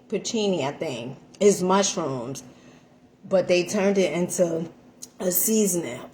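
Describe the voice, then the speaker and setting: A woman chatting through a casual home cooking vlog, animated and full of fillers, calling her viewers honey. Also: mid-range voice, a little hiss or hum. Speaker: vlogger. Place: home kitchen.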